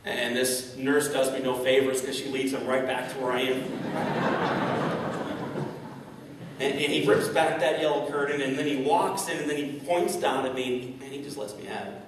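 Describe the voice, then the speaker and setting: A man's voice: mid-range voice, steady tone, moderate pace, slight background noise. A man giving a keynote talk to a live audience, telling a personal story and speaking straight to the crowd. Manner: storytelling, addresses audience directly. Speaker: motivational speaker. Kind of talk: inspirational keynote speech. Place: large event hall. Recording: echoey hall, distant mic.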